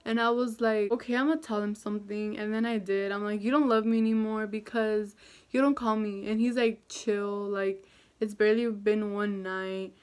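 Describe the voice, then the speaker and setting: A woman's voice: medium pitch, fairly even intonation, moderate pace, clear, resonant tone. A young woman talking to camera in a casual storytime vlog, chatty and self-deprecating, with lots of fillers. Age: young adult. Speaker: vlogger.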